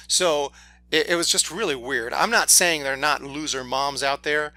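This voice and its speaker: A man's voice: on the high side, moderate pace, bright, forceful tone, dry recording. A man reviewing a movie in an opinionated rant, exasperated and nitpicking as he complains.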